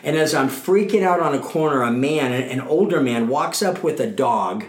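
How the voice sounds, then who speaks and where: In an interview with a roomy echo, a middle-aged male guest gives a candid, earnest personal recovery testimony about his past. His medium-pitched voice has lively intonation and a moderate pace.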